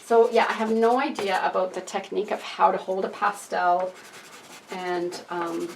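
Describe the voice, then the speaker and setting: A woman painting with pastels, chatting casually and thinking aloud with lots of hesitations. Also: medium pitch. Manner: self-talk, thinking aloud, frequent hesitations. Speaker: self-taught painter. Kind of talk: casual narration while painting. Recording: distant mic with clear background noise.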